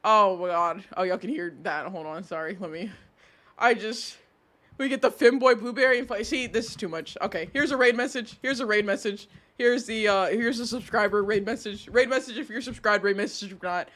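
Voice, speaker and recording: A livestreamer chatting casually with viewers, excitable and exasperated, dropping to low mutters and then jumping to high outbursts. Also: brisk.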